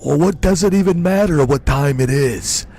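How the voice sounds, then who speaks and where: A man doing an impression of a boastful, macho older ex-governor who brags slowly and taunts his listener. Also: fairly high pitch, gravelly, warm tone, soft background music. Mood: boastful taunting. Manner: slow, swaggering macho bragging.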